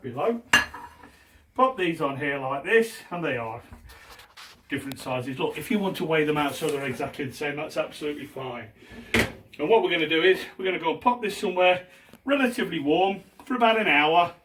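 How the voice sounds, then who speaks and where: A man's voice: fairly high pitch, expressive, fairly quick. A middle-aged man chatting casually and joking as he gives step-by-step cooking instructions in a home kitchen. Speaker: home cook presenter. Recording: distant mic with faint background noise.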